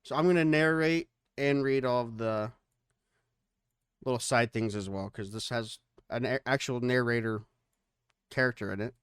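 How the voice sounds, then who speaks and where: A man's voice: mid-range voice, moderate pace, a bit bright, clean tone, no room sound, clean studio sound. A man hosting a podcast in casual chat, brash and profane, laughing often as he narrates a comic script.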